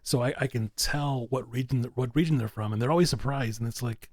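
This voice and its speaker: A man's voice: mid-range voice, a little fast, no echo. A man talking as a podcast guest in a casual, rambling way, filling nearly every phrase with "you know". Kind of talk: casual conversation.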